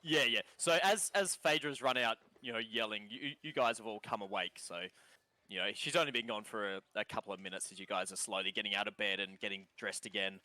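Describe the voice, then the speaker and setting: A man's voice: lowish voice, brisk, pushed and bright, no echo. A man with an Australian accent narrating a tabletop game as game master, loose and often laughing.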